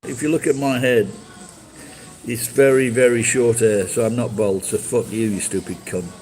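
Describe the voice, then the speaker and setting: A man's voice: mid-range voice, fairly even intonation, moderate pace, a little mellow, low-quality recording. A man live streaming and chatting with viewers, blunt and profane as he berates them.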